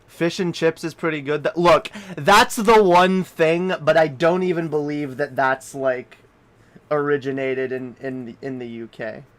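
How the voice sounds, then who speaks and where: A man from Canada rants on a livestream in slow, drawn-out sentences that are full of swearing and restarts. His voice sits a little higher than a typical man's. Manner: profane, rambling rant. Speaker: streamer. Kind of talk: casual livestream chat.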